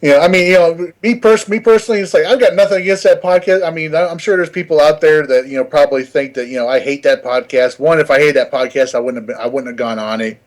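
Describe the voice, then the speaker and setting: A man's voice: on the high side, fast talker, hardly any pauses. A man chatting casually on a gaming podcast, rambling, restarting his words and laughing often. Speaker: podcast panelist.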